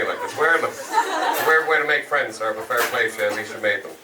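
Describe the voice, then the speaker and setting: A man's voice: mid-range voice, animated, fast talker, heavy background noise. An Irish man doing stand-up crowd work, teasing audience members and swearing. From Ireland. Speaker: stand-up comedian. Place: comedy club before a live audience. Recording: roomy live club sound from a distance, loud crowd. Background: audience laughter.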